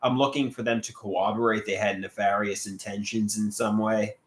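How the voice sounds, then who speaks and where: A man's voice: fairly low pitch, fairly even intonation, normal speed, echoey room. A man streaming live and reading chat, talking in an agitated, repetitive way with many stumbling restarts.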